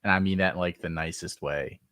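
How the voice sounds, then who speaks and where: A man with a very deep, low voice chats casually about football. He is blunt and emphatic in his opinions and throws in casual swearing. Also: fairly even intonation, a little fast, sharp tone. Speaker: podcast co-host. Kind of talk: casual sports chat.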